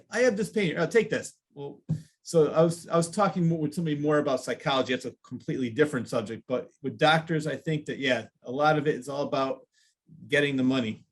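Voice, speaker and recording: A man hosting an interview show, talking casually and laughing along with his guest. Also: on the high side. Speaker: podcast host. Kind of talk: casual chat.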